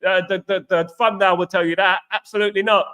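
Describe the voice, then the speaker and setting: Bright, high-voiced East London man. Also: steady tone, fast, clean tone. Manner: banter, slangy catchphrases, repeats himself. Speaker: livestream host. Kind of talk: casual livestream chat reading viewer comments.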